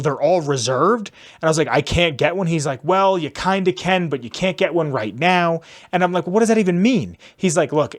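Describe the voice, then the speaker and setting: A young man hosting a podcast, telling a long story in a rambling, casual way and acting out the people he quotes. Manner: rambling, acts out quotes in lowered voices. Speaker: podcast host.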